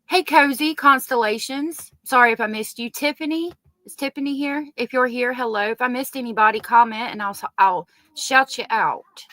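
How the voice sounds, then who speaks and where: A woman's voice: on the high side, moderate pace, bright, forceful tone, no echo. A woman with a Southern US accent hosting a casual true crime live stream, chatting and greeting viewers by name.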